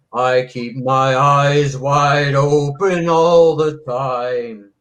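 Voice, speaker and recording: A man doing a slow old country singer. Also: on the high side. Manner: slow, deliberate sung delivery. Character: older male country singer, low and slow. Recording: roomy, away from the mic.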